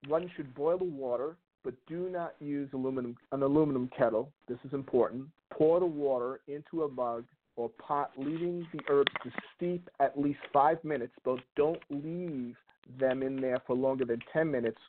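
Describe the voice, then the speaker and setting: A man's voice: medium pitch, moderate pace. A man with a New York accent lays out herbal instructions in a methodical, step-by-step way. His voice sits in a middle register. The sound is narrow and tinny, like a call-in phone line. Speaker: rootworker giving a spell segment. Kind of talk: radio call-in show talk.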